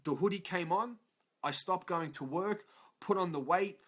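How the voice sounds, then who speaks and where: Guy with a high voice swearing his way through his life story, real emphatic. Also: normal speed, a bit bright, husky. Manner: blunt, profane, emphatic storytelling. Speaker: motivational speaker. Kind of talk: personal life story to an audience.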